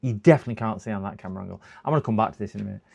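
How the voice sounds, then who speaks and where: A man's voice: lowish voice, racing, creaky, warm tone, slightly rough. A middle-aged man from the UK chatting casually on a live repair stream, muttering to himself, answering viewers and now and then groaning in exasperation. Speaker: livestreaming repair technician. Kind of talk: casual live-stream chat while working.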